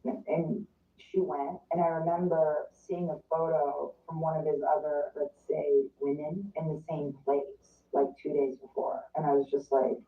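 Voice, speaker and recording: A woman's voice: low-pitched, flat delivery, unhurried. A woman guest in a casual interview, telling a story in a chatty way, full of "like" and acted-out quotes. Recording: distant, roomy, phone-like sound.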